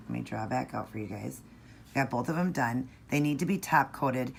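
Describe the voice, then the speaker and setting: A woman calmly talking viewers through a nail art tutorial step by step, in a patient, instructive way. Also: normal speed, creaky, a little hiss or hum. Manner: patient, instructive, low-key.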